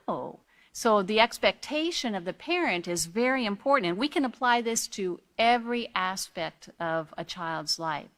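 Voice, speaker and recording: A woman's voice: mid-range voice, fairly bright tone. A woman leads a training course on raising children, speaking earnestly and patiently. She keeps asking her listeners questions to pull them along. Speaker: character education trainer.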